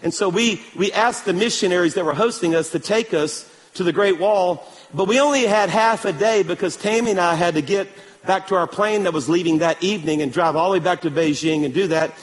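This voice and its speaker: A male pastor preaching a sermon in a church, telling stories with animated energy and calling for amens. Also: high-pitched, brisk, big-room sound. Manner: animated storytelling, calls for amen.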